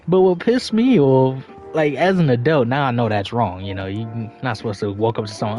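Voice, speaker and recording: A man's voice: mid-range voice, moderate pace, few pauses, darkish tone, soft background music. New man, profane casual storytelling. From New York. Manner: loose, profane, chuckling storyteller. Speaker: livestreamer. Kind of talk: casual storytelling while gaming.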